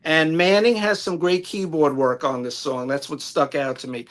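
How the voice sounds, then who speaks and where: A man's voice: fairly high pitch, steady tone, normal speed, a bit bright. A man with a New York accent presenting a prepared album review from his notes on a live-stream panel, detailed and enthusiastic.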